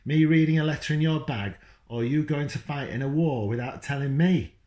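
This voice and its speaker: A man voicing an angry mother who shouts at her husband, seething and close to tears, read in a roomy room. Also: mid-range voice, sing-song, moderate pace, muffled recording, voice pushed up, natural voice. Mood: furious. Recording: roomy echo.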